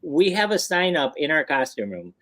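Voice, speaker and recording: A man co-hosting a livestream over a video call, chatty and animated as he tells stories about his haunt. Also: a little high, moderate pace, no echo. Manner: chatty storyteller, animated when quoting people. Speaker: co-host and haunt owner. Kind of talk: casual chat on a livestream.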